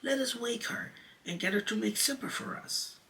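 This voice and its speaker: A man voicing a small, sleepy boy who calls out in a high, pleading voice. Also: normal speed, gravelly, sharp tone, distant mic, a little hiss or hum, full character voice. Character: young boy, sleepy and whiny.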